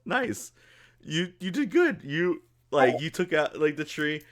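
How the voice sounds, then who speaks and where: A man narrating a tabletop game as game master, casual and excitable, often laughing as he describes the action. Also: on the high side, slow pace.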